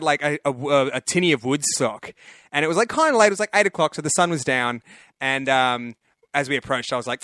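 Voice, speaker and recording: Man, thirties, slightly high, lively pitch, dry recording, casual comedic chat. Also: no room sound. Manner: animated storytelling, laughing often. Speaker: podcast co-host.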